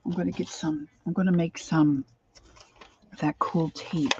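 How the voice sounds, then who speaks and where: A woman's voice: sits low, steady tone, measured pace, dull audio, background noise. An older woman hosting a crafting livestream, chatting casually and greeting viewers by name as she works.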